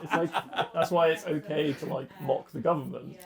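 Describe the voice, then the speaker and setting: A man's voice: fairly high pitch, steady tone, moderate pace, creaky. A man chatting casually as a customer in a barbershop, easygoing and laughing along. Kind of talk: casual chat.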